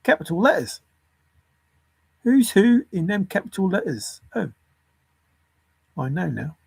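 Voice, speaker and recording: A man with a slightly high, gravelly, husky voice talks slowly to himself, reeling off word lists and chuckling. The sound is dry and close, with no room around it. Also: very animated, a little mellow, dry recording. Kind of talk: rambling solo puzzle musing.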